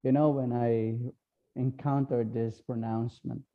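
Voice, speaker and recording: A man with a Filipino accent, a priest giving an online talk, speaking slowly and haltingly with many fillers. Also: medium pitch, fairly even intonation, phone-quality sound. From Philippines. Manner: slow, halting, with frequent fillers.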